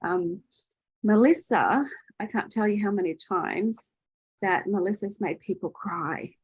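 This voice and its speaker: A woman's voice: medium pitch, measured pace, slightly rough, no room sound, rough recording. Chatty woman hosting an online workshop. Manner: chatty, loose, with many fillers and tag questions. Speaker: workshop host. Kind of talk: casual teaching in an online workshop.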